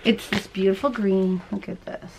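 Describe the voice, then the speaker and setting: A woman's voice: mid-range voice, fairly even intonation, moderate pace, gravelly, darkish tone, slight background noise. A woman hosting a crochet and knitting show, chatting casually to camera as she opens mail at home, bubbly and gushing and often laughing. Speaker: crochet and knitting podcast host.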